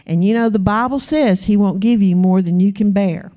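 Here the preacher, a pastor's wife, talks at a normal speed in a mid-range voice. It's a storytelling sermon where she animatedly voices the people in her tales, heard through slightly muffled lo-fi sound.

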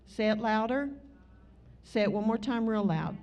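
A woman with a Southern US accent, preaching a sermon in a folksy, conversational way with drawn-out emphasis. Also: fairly high pitch, lively intonation, darkish tone. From Southern United States. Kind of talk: sermon with storytelling. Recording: slightly muffled recording.

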